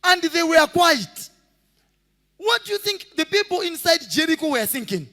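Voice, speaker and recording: Man preaching a sermon, real high lively voice, sharp bright tone, big echoey hall, shouts and sings his lines. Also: normal speed. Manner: impassioned preaching, shouting and singing out phrases; acts out voices of people in stories. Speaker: pastor.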